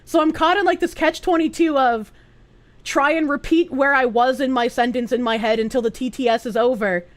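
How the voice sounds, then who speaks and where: A woman's voice: high-pitched, a little fast, dry recording. A woman streaming live, chatting casually with her chat, reading messages aloud and thanking donors with squeals.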